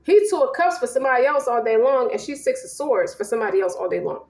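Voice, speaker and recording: A woman's voice: fairly high pitch, big pitch swings, fast talker, a little mellow, reverberant. Slangy, swearing woman reading tarot. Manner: slangy, profane, emphatic, rambling. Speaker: tarot reader. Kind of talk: casual tarot reading monologue.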